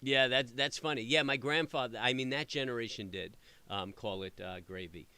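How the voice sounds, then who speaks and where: Chatty New man, bright voice. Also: medium pitch, moderate pace, smooth, no room sound. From New York area. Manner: rambling, animated storytelling with many fillers. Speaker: trading channel host. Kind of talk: casual chat answering live viewers.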